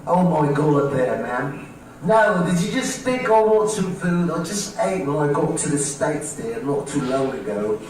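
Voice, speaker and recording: A man's voice: on the high side, lively intonation, measured pace, a little mellow, a little hiss or hum, voice pushed down. A man putting on a foreign accent, playing a visitor who just arrived in the country. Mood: smug. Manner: put-on accent with slangy asides. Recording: very echoey, far from mic.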